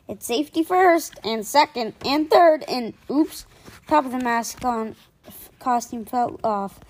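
Woman voicing a peppy safety-cone mascot, storybook read-aloud; sing-song, high. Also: unhurried, low-quality recording. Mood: chirpy.

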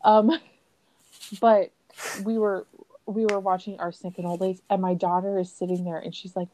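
On a casual podcast chat, a woman in her thirties tells stories with animated energy, laughing often and acting out quotes. Her voice is medium-pitched at a normal speed, and the audio quality is poor.

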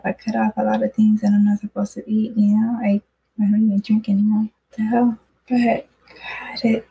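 Husky, gravelly woman telling a personal story. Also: medium pitch, mellow, rough recording. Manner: rambling, candid, frequent swearing and fillers. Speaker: podcaster. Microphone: phone mic.

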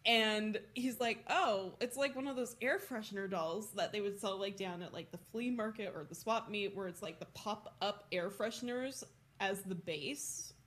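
Young woman podcast cohost, bright voice, animated and sweary storyteller. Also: mid-range voice, normal speed. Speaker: podcast co-host. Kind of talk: casual storytelling chat.

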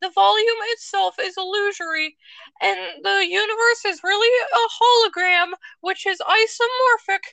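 A man putting on a squeaky, high ranting voice as a podcast co-host, rambling and stumbling over words. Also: moderate pace, vocal fry, bright, forceful tone, no room sound, heavily acted. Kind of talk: comedic podcast banter.

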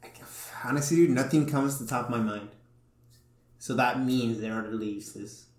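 A man in casual podcast banter throws in crude jokes and short reactions. His voice sits at an ordinary middle pitch. The recording has a roomy echo around him. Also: fairly quick. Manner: crude, joking sidekick. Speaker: podcast co-host. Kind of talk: casual chat. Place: indoor room.

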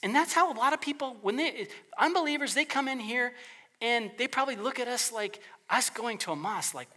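A man's voice: very high voice, animated, fairly quick, bright, forceful tone. A man preaching a sermon as pastor in a conversational way, often acting out the voices of the people he quotes.

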